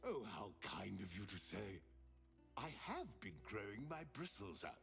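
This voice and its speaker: A man's voice: lowish voice, very animated, unhurried, creaky, a bit bright, heavily acted. An actor playing a male pig who talks like an upper-class British nobleman, courtly and genteel. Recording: game audio under music.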